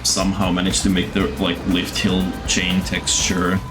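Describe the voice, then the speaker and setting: Low-voiced man rambling over gameplay. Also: monotone, moderate pace, over music. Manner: rambling, many fillers, swears at the game. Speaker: gaming streamer. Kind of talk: casual gameplay commentary. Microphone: desktop mic.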